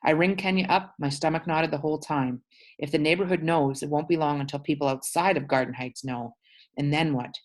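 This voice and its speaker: A woman teacher reading a novel aloud to her class, pausing to explain words. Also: sits low, fairly even intonation.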